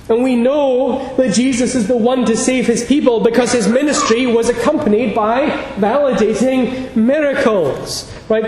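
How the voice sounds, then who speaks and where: A man's voice: very high-pitched, darkish tone. A man preaching a sermon, emphatic and at times fervent. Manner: emphatic, rising to fervent declarations. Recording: echoey hall with faint ambient noise.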